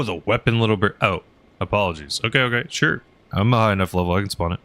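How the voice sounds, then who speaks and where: A young man rambles through casual gaming stream chat, full of fillers and quick asides. His voice sits a bit low but has a bright, forward edge. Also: lively intonation. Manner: rambling, filler-heavy, laughs often. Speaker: streamer flying a helicopter.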